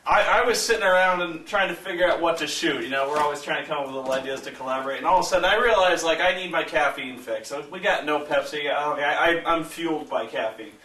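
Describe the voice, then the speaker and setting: A man hosting a vlog, telling a story in a casual, animated and profane way, laughing as he goes. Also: fairly high pitch, fast talker, few pauses, slight background noise. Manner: animated, profane, laughs through his stories. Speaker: vlog host. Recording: echoey room, mic at a distance.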